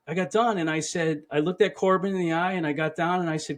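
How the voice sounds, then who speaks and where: A man's voice: a little high, fairly even intonation, fairly quick. A man in his fifties, a chiropractor guest, telling a personal story in an earnest, emotional way and often quoting himself. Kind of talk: storytelling interview answer.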